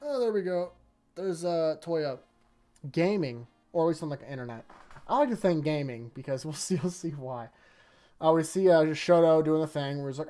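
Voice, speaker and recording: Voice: mid-range voice, animated, moderate pace, dark tone, soft background music. Rambling, chatty manga reviewer. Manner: rambling, chatty, often laughing. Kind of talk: casual manga chapter review.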